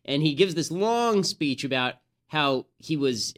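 A man's voice: medium pitch, a little fast, fairly bright tone. A male host delivers political commentary in a conversational, opinionated manner. He often restarts his sentences as he builds his argument.

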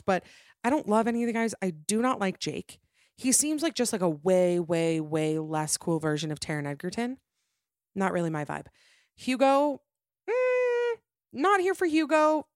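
A young woman gossips her way through the show as a podcast host, chatty and self-mocking, full of quick asides. Her voice sits in an ordinary middle register for a woman. It is recorded close and dry, with no room sound. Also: medium pitch, dry recording. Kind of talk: casual chat.

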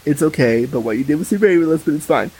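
A man with a somewhat higher, husky voice chats on a podcast. He tells stories bluntly and candidly, with lively asides and frank opinions. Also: fast, rough recording. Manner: candid, blunt, animated storytelling. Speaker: podcast guest. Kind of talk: casual podcast chat.

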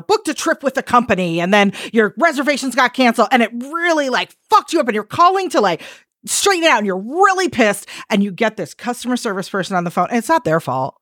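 A woman's voice: on the high side, fairly bright tone, dry recording, clean studio sound. A woman on a podcast as a guest, telling a story in a candid, rambling way and swearing freely.

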